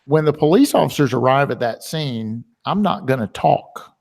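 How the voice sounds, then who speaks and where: A male webinar host talks in a loose, rambling way, filling his sentences with ums and uhs. His voice sits at an ordinary middle pitch. It carries a long, hall-like reverb. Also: expressive, moderate pace, gravelly. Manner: rambling and chatty, with many filler words. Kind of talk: casual webinar talk.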